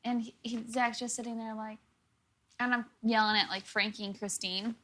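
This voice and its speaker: A woman telling stories in a casual interview, quick and animated, with plenty of fillers. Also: a little high. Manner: rapid, filler-heavy, animated. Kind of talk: casual storytelling.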